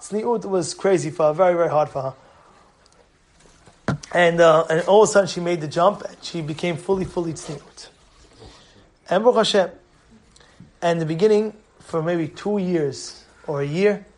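A man, a rabbi teaching a live class, speaking emphatically and repeating his points. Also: high voice. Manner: emphatic, repetitive, animated storytelling. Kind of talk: live Torah class sermon.

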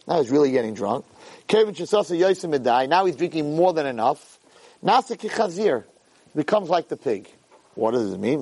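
Male rabbi teaching a Torah class, pitch on the higher side, very expressive, quotes Hebrew then explains. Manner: animated, reads Hebrew source lines then translates them. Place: room with a live audience.

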